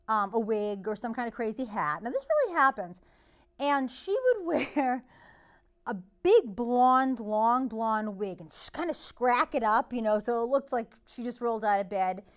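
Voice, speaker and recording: Brief: East Boston woman hosting, telling a story with a fairly high, very lively voice. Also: unhurried. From North Shore of Massachusetts. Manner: animated, gets loud, acts out the voices of people in her stories. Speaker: host. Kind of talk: storytelling monologue.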